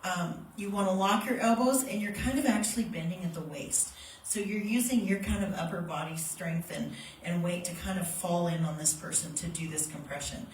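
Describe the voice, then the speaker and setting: A woman's voice: lowish voice, moderate pace. Woman teaching CPR in an echoey room. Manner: plain, practical, demonstrative teaching with acted-out shouts. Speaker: CPR instructor. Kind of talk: hands-on first aid workshop. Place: workshop room with a live group. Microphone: handheld microphone. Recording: echoey room, mic held at a distance, faint ambient noise.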